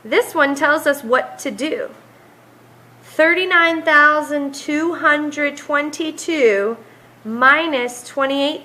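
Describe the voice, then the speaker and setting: A woman's voice: high-pitched, pushed and bright, low-quality recording. A woman teacher walking through math homework problems, counting aloud step by step.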